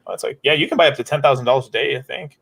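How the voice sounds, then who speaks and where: A man in a casual livestream chat, cracking jokes and chiming in quickly. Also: medium pitch, gravelly, fairly bright tone, husky, no echo. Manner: joking, quick interjections.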